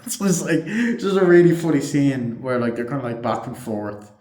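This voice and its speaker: A man's voice: medium pitch, moderate pace, few pauses, darkish tone. A man giving a casual, rambling movie review full of fillers and swearing. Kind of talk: casual spoken film review. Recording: echoey room.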